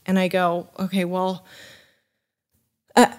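Taking her time, a fairly low-voiced woman tells a story as a podcast guest; she's a wine sommelier chatting casually. She brings the story to life by performing the characters' dialogue, and fillers like "like" and "you know" pepper her loose delivery.

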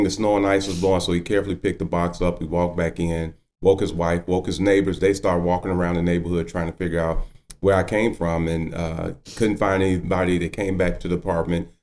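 A man's voice: sits low, darkish tone, a little hiss or hum. A man in his fifties, a judge, telling his personal story earnestly and with emotion. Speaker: guest, county judge.

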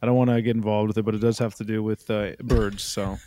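Deadpan, rambling male podcast guest. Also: on the low side, quick pace. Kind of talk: casual comedic banter.

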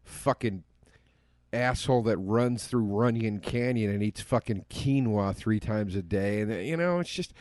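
A man's voice: on the low side, a little slow, a little mellow, no room sound, studio quality. A man in a casual podcast chat, ranting passionately and swearing freely. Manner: impassioned, profane ranting.

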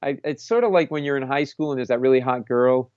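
A male stand-up comedian tells a story in an animated way, often acting out the voices of the people in it and laughing as he goes. His voice comes through muffled and a little lo-fi. The sound is dry, with almost no room echo. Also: medium pitch, fast. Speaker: stand-up comedian, podcast host. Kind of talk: casual anecdote on a talk show.

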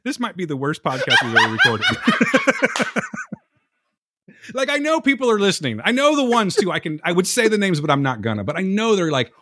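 A man's voice: sits high, huge pitch swings, fast talker, hardly any pauses, bright, forceful tone. A man co-hosting a casual podcast, arguing heatedly, swearing and laughing often. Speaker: podcast co-host. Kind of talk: casual chat.

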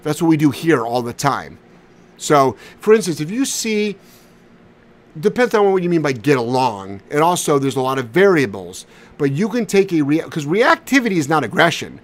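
A man hosting a live question-and-answer show as a dog trainer, answering viewers in a blunt, animated, sometimes profane way. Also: fairly high pitch, normal speed. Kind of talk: casual live Q&A.

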